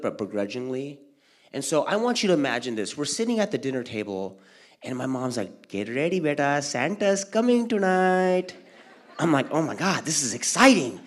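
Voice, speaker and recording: A man's voice: medium pitch, husky. A man doing a stand-up comedy set at a community event, telling stories and acting out family members with big jumps in his voice. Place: community center event hall.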